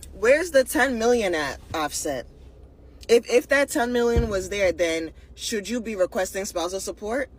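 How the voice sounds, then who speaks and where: A woman's voice: fairly low pitch, a little hiss or hum. Mocking, slangy woman ranting. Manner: mocking, swears a lot, slangy. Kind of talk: casual commentary video.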